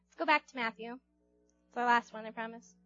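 A woman's voice: on the high side, steady tone, a little fast, pushed and bright, dry recording, highs cut off, soft background music. A young woman giving a casual youth sermon, chatty, acting out Bible characters in little voices. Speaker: youth group speaker.

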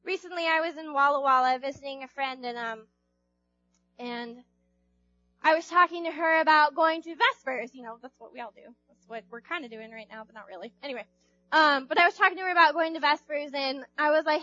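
Her voice is high-pitched, pushed, and bright, and she talks a little fast while delivering a casual, playful sermon as a youth speaker. She acts out quotes and questions the group, and the recording is dull with no echo.

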